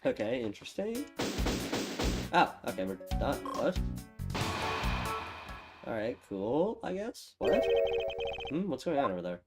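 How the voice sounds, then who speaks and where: A man chats casually over his gameplay, thinking aloud and poking fun at himself in a rambling, easygoing way. Game music plays clearly beneath his voice. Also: medium pitch, very animated, measured pace, long pauses. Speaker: let's play gamer.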